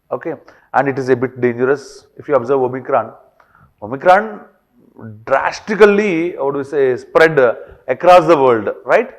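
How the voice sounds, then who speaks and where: Man, high-pitched, classroom lecture, lots of fillers and checking questions. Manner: frequent fillers and checks like "right or wrong?". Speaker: teacher.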